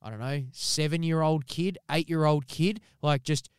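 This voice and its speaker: An Australian man in his thirties with a slight cold, co-hosting a podcast and telling sweary, animated stories. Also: on the high side, normal speed, clear, resonant tone, no echo, clean studio sound. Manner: swears a lot, animated storytelling. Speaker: podcast co-host. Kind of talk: casual podcast banter. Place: studio.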